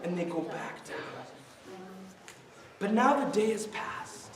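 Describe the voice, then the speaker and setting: Speaking slowly in a high voice with lively intonation, this man tells stories to kids in a mosque hall, theatrical and playful, with jokes woven through the tale. The audio comes from a distance in an echoey room, with children calling out from the audience.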